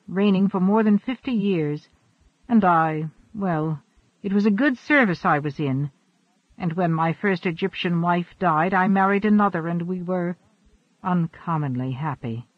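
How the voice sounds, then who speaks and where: Ageless immortal man, earnest and formal, high-voiced, read by a male narrator, dry dull recording. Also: no room sound.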